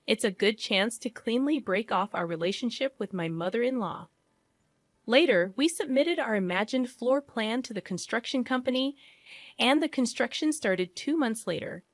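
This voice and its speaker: Woman reading a first-person story, kinda high voice, dry mic, steady and even. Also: moderate pace, dry recording. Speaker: narrator.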